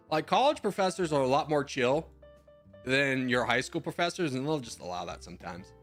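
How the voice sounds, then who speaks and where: A man in his twenties streams and chats loosely, handing out rambling advice full of slang and the odd swear. His voice sits at an ordinary middle pitch, and faint music plays softly behind him. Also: very animated, fairly quick. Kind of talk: casual chat, answering viewer messages.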